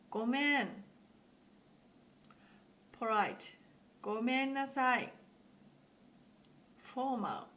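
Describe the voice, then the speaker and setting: A Japanese woman with a Japanese accent, giving a patient beginner language lesson with slow, clear demonstrations. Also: on the high side, fairly bright tone. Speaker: language teacher.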